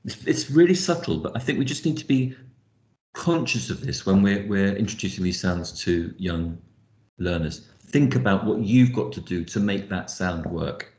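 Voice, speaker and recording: A man teaching phonics, explaining step by step and slowly modelling speech sounds for other teachers. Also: sits low, animated, darkish tone, echoey room.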